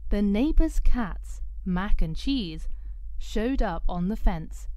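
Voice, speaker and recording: A woman narrating a children's story aloud in a gentle, expressive way. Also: mid-range voice, takes it slowly, no echo.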